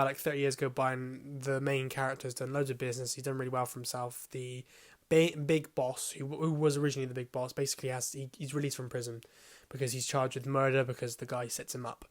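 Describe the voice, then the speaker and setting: A man's voice: medium pitch, flat delivery, normal speed. A man gives a casual, rambling film review, full of hesitations and casual swearing.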